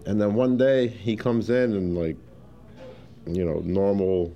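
Deep-voiced man telling his story. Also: a little slow. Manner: animated storyteller who acts out quotes, many fillers. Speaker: interviewee sharing his story. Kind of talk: casual personal testimony.

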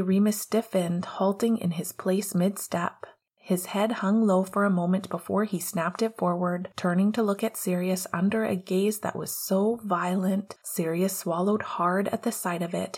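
Woman, audiobook narrator, husky, lowish voice, soft hushed reading. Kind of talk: audiobook narration of fan fiction.

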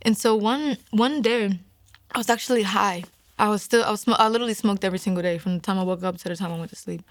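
A woman's voice: medium pitch, fast, no echo. A young woman recounts her faith testimony in a heartfelt, meandering way, scattering "like" through her sentences. She slips into a whisper whenever she quotes what she was thinking. Her mid-range voice sounds close and dry, with no room around it. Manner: earnest, rambling, heavy use of "like" fillers; drops to a whisper when quoting her own thoughts. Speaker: guest giving a faith testimony. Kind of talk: emotional personal testimony.

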